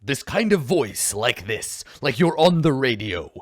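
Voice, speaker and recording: A man's voice: mid-range voice, sing-song, unhurried, no echo, studio quality. A man voicing a pompous male space inquisitor who over-enunciates every word like a radio announcer.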